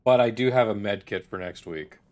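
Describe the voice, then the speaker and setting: A man's voice: lowish voice, a little fast, darkish tone, dull audio. A man commenting as he plays a video game, thinking aloud and muttering to himself. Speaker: let's play gamer. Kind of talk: gameplay commentary.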